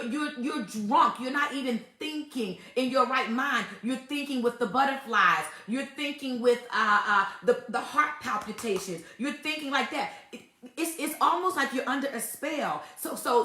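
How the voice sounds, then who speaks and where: With a fairly high, sharp-toned voice and roomy acoustics, this woman leads an informal faith-based discussion on relationships. Her advice comes across emphatic and repetitive, punctuated by frequent laughter.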